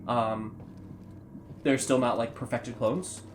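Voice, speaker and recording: Sick male co-host, rambly casual game chat, mid pitch, light noise. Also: fairly even intonation, slow pace. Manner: rambling, many ums and restarts. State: sick and sweating. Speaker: co-host of a gameplay channel. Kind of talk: casual let's-play chat.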